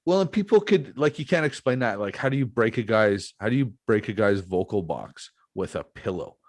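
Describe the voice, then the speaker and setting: A man's voice: fairly low pitch, expressive, normal speed, no room sound. A man hosting a podcast, chatting casually and telling stories with lots of fillers. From Canada. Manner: laid-back storytelling with frequent fillers. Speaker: podcast host. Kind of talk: casual chat.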